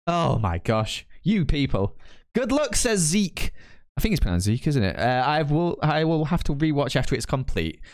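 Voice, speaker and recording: A northern English man in his late twenties chats away on a live stream in a rambling, easygoing way. His pitch swings up and down a lot as he reads chat and laughs between thoughts. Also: sing-song, dry recording, clean studio sound. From northern England. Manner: chatty, rambling, quick to laugh. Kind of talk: casual live-stream chat, reading chat aloud.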